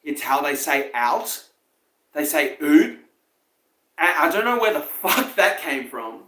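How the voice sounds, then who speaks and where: A New Zealand man hosts a podcast in a loose, rambling monologue, swearing freely and trailing off into fillers and chuckles. His voice sits somewhat high for a man. The recording has a noticeably roomy, echoey sound. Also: sing-song, normal speed, noisy background. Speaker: podcast host. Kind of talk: casual monologue.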